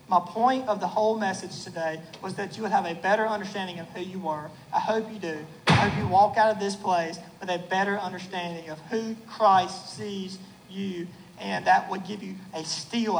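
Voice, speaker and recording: A pastor delivering a sermon in a church, emphatic, repeating phrases and slowing to stress key words. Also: medium pitch, steady tone, slight background noise, poor audio.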